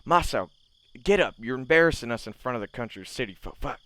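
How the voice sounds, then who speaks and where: A man's voice: mid-range voice, lively intonation, fast talker, pushed and bright, no echo. A man voicing an irritable male villager who scolds his drunk friend and swears. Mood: scolding. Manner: gruff, swearing.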